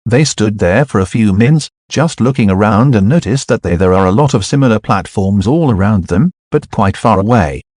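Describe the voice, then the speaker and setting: Low-voiced male audiobook narrator. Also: animated, normal speed, hardly any pauses, a little mellow, no room sound, studio quality.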